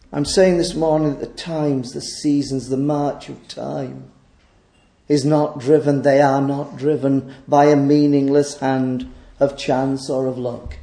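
A man preaching a sermon in an earnest way, asking rhetorical questions and moving between loud and hushed delivery. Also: medium pitch, little pitch movement, a little slow, gravelly, reverberant.

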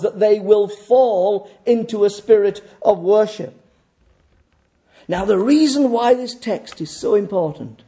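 A male preacher with a fairly high voice but a very dark, mellow tone. He speaks slowly and deliberately. He leans hard on key words as he delivers his sermon. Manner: measured, emphatic preaching with slow deliberate pauses.

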